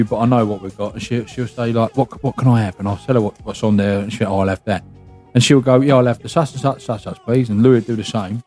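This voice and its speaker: A middle-aged man talks fast and bluntly, swearing freely as he tells family stories. His pitch sits in the normal range for a man. Faint music plays under the chat. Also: warm tone. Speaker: podcast host. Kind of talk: casual chat.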